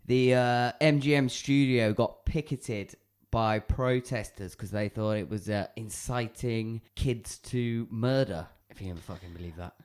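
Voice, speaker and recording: A man's voice: medium pitch, unhurried, hardly any pauses, darkish tone, clear, resonant tone. Man, podcast co-host, casual, wry, laughing, swears casually. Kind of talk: casual chat about a film.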